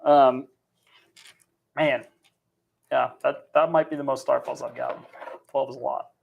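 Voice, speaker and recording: A man's voice: mid-range voice, steady tone, measured pace, vocal fry, highs cut off. A man co-hosting a livestream, bantering playfully and laughing as he denies cheating. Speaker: livestream co-host. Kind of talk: casual chat.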